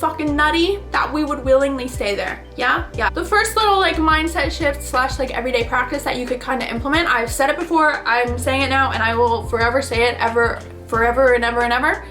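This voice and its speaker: A high-pitched young woman in her twenties talks straight to her audience in a chatty, animated way. She acts out little scenes and swears casually while she coaches. Faint music runs quietly underneath. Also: fairly quick, few pauses. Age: 20s. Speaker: vlogger. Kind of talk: casual motivational talk.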